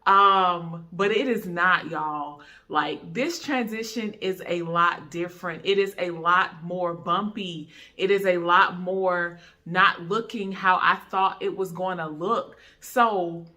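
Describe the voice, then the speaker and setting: Bright-voiced North Carolina woman vlogging. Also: lowish voice, slow pace, hardly any pauses. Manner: chatty, relaxed, addresses viewers as y'all. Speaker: YouTuber, travel x-ray tech. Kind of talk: casual sit-down talk to camera.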